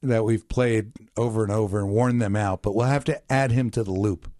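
A man's voice: lowish voice, steady tone, a little fast, darkish tone, no room sound, clean studio sound. A man hosting a talk radio show, speaking in an enthusiastic, opinionated way.

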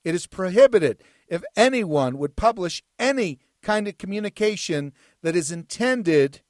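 A man's voice: high voice, lively intonation, unhurried, no room sound, clean studio sound. Emphatic male talk radio host. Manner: emphatic, reads legal text aloud with mounting insistence. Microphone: studio broadcast microphone.

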